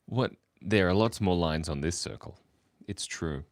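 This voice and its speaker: A man chatting with viewers on a live stream while he draws, keeping his voice low and quiet because it is early morning at home, playful and rambling. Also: a little slow, dry recording. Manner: talking quietly, hushed. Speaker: livestreaming artist. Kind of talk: casual live-stream chat while drawing.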